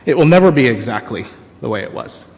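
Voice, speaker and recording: A man voicing a sad, hurt child in a children's story, speaking quietly and withdrawn. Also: medium pitch, sing-song, quick pace, vocal fry. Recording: long reverb of a large hall.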